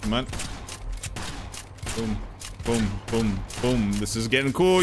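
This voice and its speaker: A man with a mid-range voice speaks slowly while playing a video game, offering playful live commentary as a let's-play gamer. He chants gunshot sounds, and game music plays beneath him.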